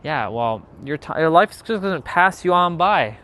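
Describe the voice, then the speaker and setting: A man's voice: fairly high pitch, lively intonation, normal speed, pushed and bright. Rambling, chatty man streaming outdoors. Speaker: livestreamer. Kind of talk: casual livestream chat.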